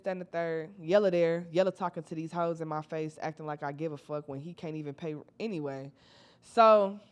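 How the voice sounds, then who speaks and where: A young woman telling a casual storytime, slangy and animated, acting out her friends' lines. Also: medium pitch. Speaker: storytime vlogger.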